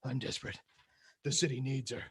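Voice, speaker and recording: A man reading the part of a grim female vigilante superhero in a live comedy script reading, delivering threats with deadpan menace. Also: mid-range voice, brisk, husky. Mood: urgent.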